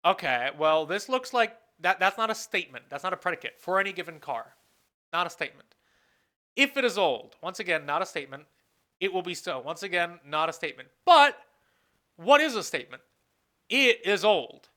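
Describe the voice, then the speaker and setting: Lecturing at a whiteboard at a moderate pace, a professor speaks in a bright, lively voice whose pitch swings widely. They pose questions to the class, answer them, think aloud, and break off mid-sentence to rephrase.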